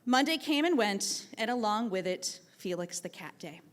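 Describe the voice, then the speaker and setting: Animated woman telling a stage story. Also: medium pitch, normal speed. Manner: animated, acts out quoted voices. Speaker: teacher. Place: theatre stage.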